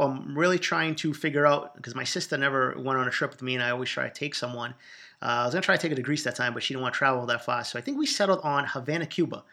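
A man with a thick Boston accent hosting a podcast, answering listener questions in a raw, emotional, profane way and talking quickly from the heart. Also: on the high side, sharp tone. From Boston, USA. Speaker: podcast host. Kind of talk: casual podcast Q&A monologue.

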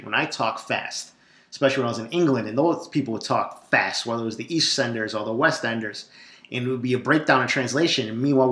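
A man's voice: mid-range voice, fairly bright tone. Brash profane man with a Boston accent. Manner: profane, rambling, brash, jokey. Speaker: podcast host. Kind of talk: casual solo podcast monologue. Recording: echoey room.

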